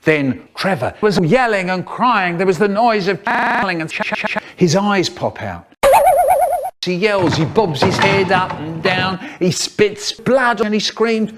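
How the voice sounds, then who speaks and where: An older man telling a funny school story in an animated, expressive way, acting out the voices and noises. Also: a little slow, a crowd in the background. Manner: expressive, acts out voices and sounds, lively swings in pitch.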